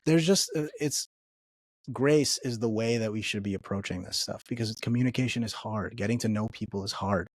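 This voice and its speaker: A man with a somewhat low voice explains his views as an interview guest. He talks earnestly and conversationally, often checking in with his listener. The sound is dry and close, with no room echo. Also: fairly quick. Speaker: guest speaker.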